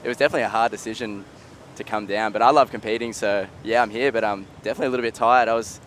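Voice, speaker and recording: A man with an Australian accent, a pro surfer giving a relaxed interview with quick laughs. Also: lowish voice, slight background noise. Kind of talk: casual interview.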